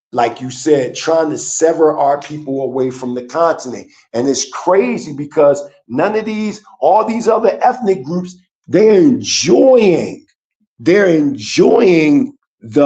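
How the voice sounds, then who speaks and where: A man with a mellow, warm voice pitched a little high speaks as a guest on a casual streamed talk. He speaks earnestly and rambles, with plenty of fillers. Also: animated, slow, low-quality recording.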